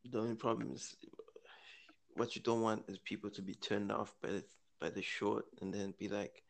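A man's voice: on the low side, little pitch movement, moderate pace, creaky. A man co-hosting a casual podcast chat, musing aloud, correcting himself and laughing easily. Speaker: podcast co-host.

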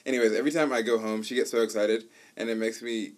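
A man in his twenties co-hosting a podcast in casual chat, animated and playful, laughing often. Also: fairly low pitch, fast. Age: 20s. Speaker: podcast co-host.

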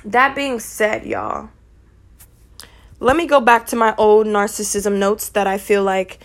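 A young woman with a fairly high voice delivers a heated personal rant straight to her viewers. She is blunt and profane, and she talks to her audience as "y'all" with open exasperation. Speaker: vlogger. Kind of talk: angry personal rant to camera.

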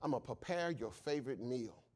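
A man doing a soft-spoken loving mother. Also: medium pitch, lively intonation, fairly quick, pitched below the performer's own voice, close to an everyday voice. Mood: tender. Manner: soft and hushed. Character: mother gently promising her young son a meal.

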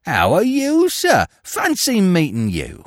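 A man's voice: low-pitched, wildly swooping pitch, unhurried, gravelly, dry recording, studio quality, voice pushed down, exaggerated voice. A man voicing a cheeky young pickpocket who exclaims and protests with feigned cheer and indignation. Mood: indignant.

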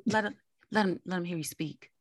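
A young woman from New Jersey hosts a casual podcast in a low voice, talking in an animated, slangy way. The sound is close and dry, with no room around her. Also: a little fast, no echo. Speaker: podcast host. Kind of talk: casual podcast chat and ad read.

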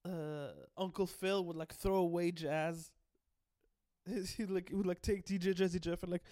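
A man's voice: high voice, fairly even intonation, normal speed, darkish tone, no room sound, clean studio sound. A young man rambling through a casual story recap, restarting often, swearing and laughing as he goes. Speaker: video host.

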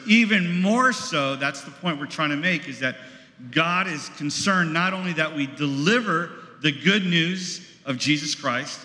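Chatty American preacher in an echoey hall. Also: male voice, fairly high pitch, bright, forceful tone. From United States. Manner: conversational, rambling with many fillers. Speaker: pastor. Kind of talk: sermon. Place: church sanctuary. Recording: echoey hall, long reverb.

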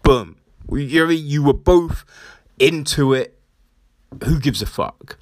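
A man's voice: on the high side, animated, slow pace, no echo, studio quality. A man giving casual commentary, mocking and incredulous, swearing often and laughing.

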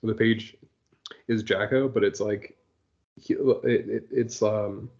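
A fairly low-voiced man with a gravelly edge chats on a podcast, circling his thoughts with constant "like"s and restarts. The recording is somewhat dull and muffled. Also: fairly even intonation, darkish tone. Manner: halting, full of "like" and restarts. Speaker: podcast co-host. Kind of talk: casual chat.

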